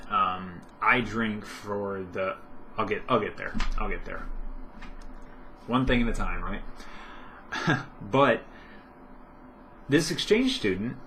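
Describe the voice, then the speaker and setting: A man's voice: lowish voice, a bit bright, slight background noise. A young man vlogging at home in casual chat, rambling with lots of fillers and self-corrections.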